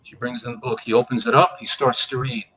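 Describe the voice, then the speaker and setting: A man's voice: mid-range voice, fast, husky, low-quality recording. A man telling a traditional folk tale on a live online panel, acting out the characters, then closing with a blessing. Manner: animated storytelling, acting out characters. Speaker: storyteller on a panel.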